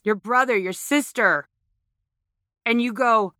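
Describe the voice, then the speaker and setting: A woman's voice: mid-range voice, unhurried, long pauses, fairly bright tone, dry recording, clean studio sound. A woman with children talking frankly about emotions in a casual motivational monologue, blunt and emphatic, often repeating herself and restarting phrases. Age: adult, has children. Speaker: speaker on emotions.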